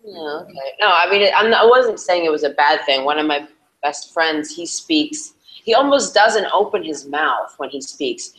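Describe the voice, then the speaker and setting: A woman's voice: low voice, normal speed, rough recording. A young woman teaching English in a casual conversation lesson, chatty and easygoing. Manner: chatty, lively intonation, says she changes tone all the time.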